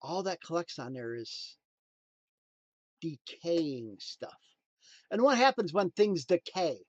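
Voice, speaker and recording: A man giving a motivational talk in a preachy, emphatic way, swinging between loud punchlines and quiet asides. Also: on the high side, sing-song, takes it slowly, no echo, lo-fi sound. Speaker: motivational speaker.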